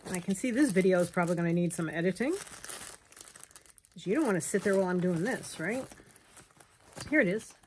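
A woman's voice: on the low side, lively intonation, normal speed, pauses often, darkish tone, a little hiss or hum. A woman chatting casually through a crafting vlog at home, rambling and poking fun at herself with frequent little laughs. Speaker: journaling crafter.

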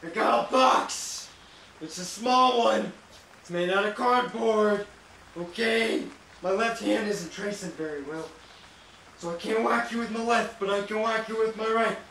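A man doing jumpy, profane commentary while playing a VR horror game, yelling threats at it, recorded from far off in a very echoey room. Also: sits high, measured pace, creaky, a little hiss or hum. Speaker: gaming YouTuber.

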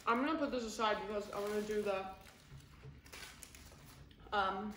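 A woman's voice: medium pitch, normal speed, a bit bright, echoey room, slight background noise. A woman hosting a casual food taste test, upbeat and teasing as she thinks aloud.

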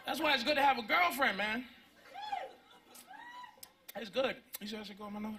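Stand-up comic, thirties, high-pitched man, profane, chatty, acts out bits. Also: moderate pace, noisy background. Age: 30s. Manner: conversational, profane, acts out voices. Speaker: stand-up comedian. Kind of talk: stand-up comedy routine.

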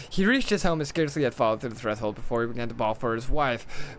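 A man's voice: mid-range voice, animated, fast, a little hiss or hum. A male streamer reading a storybook aloud during a game stream, stumbling over words and adding irreverent asides.

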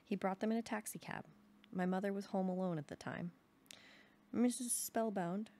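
A young adult woman calmly reading a novel aloud in an even storytelling manner. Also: medium pitch, fast, slight background noise. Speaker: reader.

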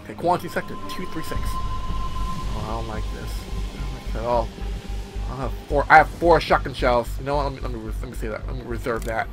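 A man giving casual let's-play commentary as he plays, excitable and swearing often with sudden outbursts. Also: medium pitch, a little fast. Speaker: gameplay commentator. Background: game music.

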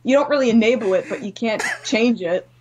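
A woman's voice: fairly high pitch, animated, fairly quick, crowd noise. A young woman from Canada as a podcast guest, speaking candidly, swearing freely and voicing the people in her stories. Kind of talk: casual chat. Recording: slightly dull audio.

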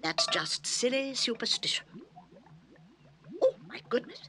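A woman's voice: on the high side, huge pitch swings, measured pace, noisy background. Mother Goose, a prim old storyteller. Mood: fussy. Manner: sing-song, prim and motherly; breaks into song. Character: kindly old woman storyteller, fussy and sentimental. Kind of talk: 1960s animated musical. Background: orchestral music.

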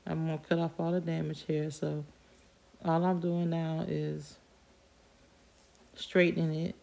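A woman's voice: deep voice, flat delivery, unhurried, vocal fry. A woman chatting casually to her viewers at home as she does her hair, often calling them "y'all". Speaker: beauty vlogger. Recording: loud hair dryer noise over the voice. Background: loud hair dryer.

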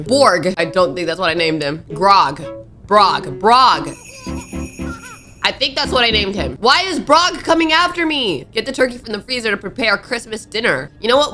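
A young woman narrating a horror game as she plays, excitable and talking to the characters on screen. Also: mid-range voice. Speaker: gaming YouTuber. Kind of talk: let's play commentary.

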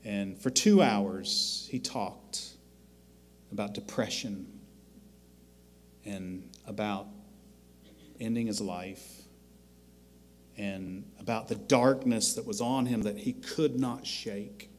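A man preaching a sermon as pastor, slow and deliberate, rising loud on scripture and dropping quiet to make a point. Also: lowish voice. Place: church sanctuary.

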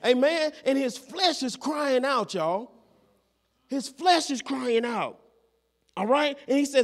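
A man's voice: extremely high pitch, expressive, slow pace. A man preaching a sermon as pastor in a church, constantly checking in with the congregation and repeating his phrases.

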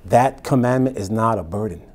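A man preaching a Bible-teaching sermon as pastor, reading verses slowly and then explaining them in plain, conversational asides. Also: on the low side, darkish tone.

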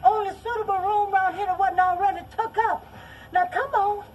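A woman's voice: very high voice, fairly even intonation, brisk, muffled recording, a little hiss or hum. An actress playing a pious rural woman, folksy and bossy as she scolds a stranger. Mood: coaxing.

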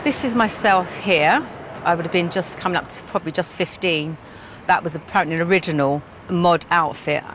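A woman's voice: lowish voice, a little fast, noisy background. A woman in her fifties reminiscing outdoors on a city estate, chatty and pointing things out as she goes. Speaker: interviewee. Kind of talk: reminiscing on location.

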